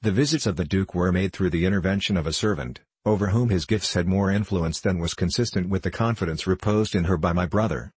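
A man's voice: low voice, fairly quick, few pauses, a little mellow, husky, no room sound. Man reading as a tearful noble young lady. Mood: sorrowful. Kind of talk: audiobook reading.

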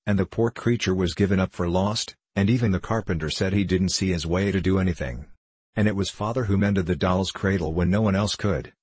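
A man reading a children's storybook aloud in a measured, even narration. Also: sits low, breathy edge, dry recording. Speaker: audiobook narrator.

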